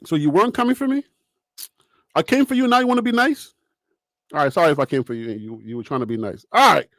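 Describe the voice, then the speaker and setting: A man hosting a sports talk channel, talking straight to his viewers and chat in a lively, animated way and laughing often. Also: on the high side, fast talker, no room sound, clean studio sound. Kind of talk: casual live-stream commentary.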